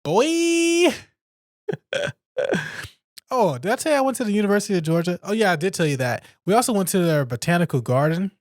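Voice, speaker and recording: A man hosting a casual solo podcast, chatting in a jokey, animated way and answering his own questions. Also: sits high, fast talker, no room sound, clean studio sound. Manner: animated, jokey, talks to himself. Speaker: podcast host.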